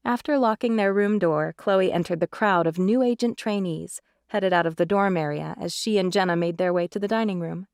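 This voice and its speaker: A woman narrating a romance audiobook in an even, measured read on a close mic. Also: on the low side, no echo.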